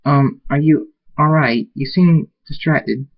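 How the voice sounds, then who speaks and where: A curious, thoughtful female unicorn scholar from a fan storybook, read by a man barely shifting his voice. She speaks in a measured, careful way. The sound is dull and lo-fi. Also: a little high, voice pushed up.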